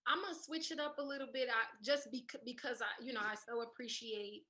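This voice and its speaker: Woman, panel moderator, gentle, hesitant, bright voice, slightly high. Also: steady tone, fairly quick. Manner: gentle, thoughtful, many "um"s.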